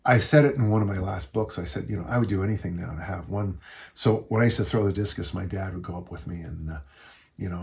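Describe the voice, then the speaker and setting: Older male podcast host, low gravelly voice, casual folksy coach who rambles warmly. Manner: rambling, folksy storytelling with restarts. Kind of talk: casual listener Q&A chat.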